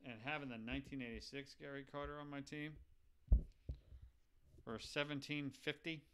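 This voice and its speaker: A man chats casually while playing a baseball video game live, thinking out loud as he goes. He keeps turning to his viewers to ask for their advice, in an easy, conversational way. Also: medium pitch, steady tone, normal speed, slight background noise. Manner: thinks aloud, chatty, asks the viewers for advice.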